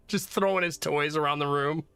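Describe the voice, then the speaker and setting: A man's voice: a little high, steady tone, unhurried, a bit bright, clean tone, faint music behind. A man streaming a visual novel, chatting casually with his viewers and joking often. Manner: joking, chatty, frequent laughter. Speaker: streamer, father. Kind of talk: casual gameplay commentary.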